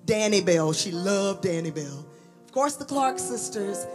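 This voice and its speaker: A woman giving a lively storytelling tribute to her late mother at a memorial service in a church. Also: medium pitch, normal speed, music in the background. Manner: animated storyteller acting out voices. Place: church sanctuary.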